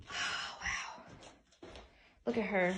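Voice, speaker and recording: Young woman venting while she builds stuff, chatty, a bit fed up, clicky tool noise behind. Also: extremely slow. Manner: exasperated, chatty, swears casually. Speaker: vlogger. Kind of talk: casual chat while assembling furniture.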